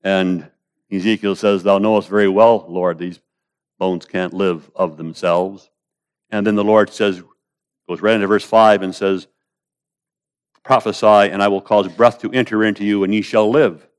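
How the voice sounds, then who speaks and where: A man with a fairly low voice delivers an expository sermon. He swings from loud, pleading cries when voicing the prayers down to low, quiet asides, and calls his listeners beloved. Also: steady tone, normal speed, clean tone. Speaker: preacher.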